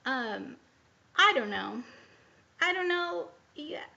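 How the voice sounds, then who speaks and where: Gravelly, bright-voiced woman rambling candidly. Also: high-pitched, expressive, slow, lo-fi sound. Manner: rambling and candid, full of hesitations and "like". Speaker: vlogger. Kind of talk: casual personal storytelling to camera.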